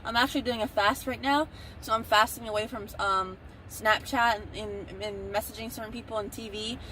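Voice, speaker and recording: Talking directly to viewers from a parked car, a young woman vlogger rambles through a casual story recorded on her phone. Her voice sits on the high side, bright and forceful, with a steady tone and moderate pace over slight background noise.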